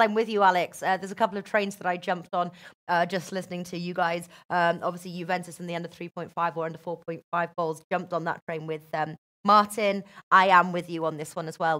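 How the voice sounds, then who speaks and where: A woman hosting a casual football betting chat, lively and talkative. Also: lowish voice. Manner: chatty, lively, restarts. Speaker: host.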